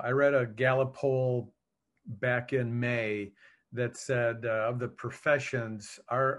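A man in law enforcement answering interview questions in an earnest, measured way. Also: mid-range voice. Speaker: law enforcement officer, guest.

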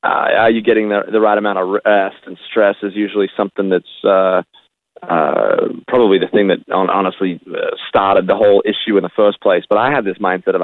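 A low-voiced man talks candidly as a guest, often pausing on fillers as he gathers his thoughts. The sound is dry and narrow, like a phone call. There is no room echo around his voice. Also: fairly even intonation. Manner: candid, halting, many fillers. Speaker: guest musician. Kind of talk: casual interview chat.

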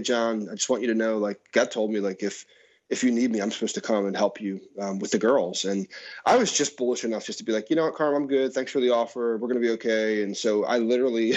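Earnest middle-aged man, lo-fi sound. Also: fairly low pitch. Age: 40s. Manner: earnest, reflective, with soft laughs. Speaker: pastor, guest. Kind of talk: conversational interview. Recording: dull lo-fi sound.

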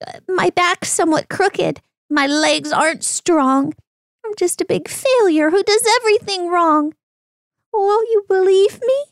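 A woman voicing a sad little male donkey in a rhyming storybook read-aloud, with a high, pleading sing-song manner. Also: measured pace, no room sound, studio quality.

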